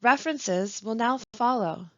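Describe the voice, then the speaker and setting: A woman teaching a scripted webinar on pronunciation, reading example sentences slowly with deliberate stress and pauses. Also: on the high side, lively intonation, a bit bright, no room sound, lo-fi sound. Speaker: language support instructor.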